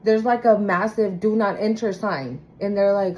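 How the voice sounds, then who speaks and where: A woman's voice: mid-range voice, steady tone, normal speed, warm tone, muffled recording, a little hiss or hum. A woman giving a casual spoken tarot reading, talking bluntly and emphatically with plenty of swearing. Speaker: tarot reader.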